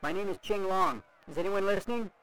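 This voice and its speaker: A man's voice: high voice, big pitch swings, a little fast, creaky, background noise, exaggerated voice. A man playing an anxious stranded man pleading over a radio for medical help in an audio drama. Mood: urgent. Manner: urgent, pleading.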